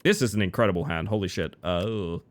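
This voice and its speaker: A man's voice: low voice, a little fast. A man streaming a card game, chatting casually with his viewers and breaking into jokey, mock-dramatic outbursts. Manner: animated, talks to chat while playing, jokey mock-dramatic outbursts. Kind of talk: casual gameplay commentary.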